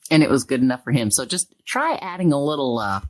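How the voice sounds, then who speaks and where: A woman's voice: rumbling low, animated, fast. A woman telling a playful parenting story in a casual way, using "like" often. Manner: playful, uses "like" a lot. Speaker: guest sharing a parenting tip.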